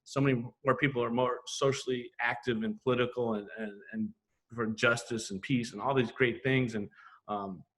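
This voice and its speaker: Man, middle-aged, podcast guest, casual storytelling, animated, swears casually. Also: medium pitch, normal speed. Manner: animated, acts out quoted exchanges, swears casually. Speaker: guest, graffiti artist.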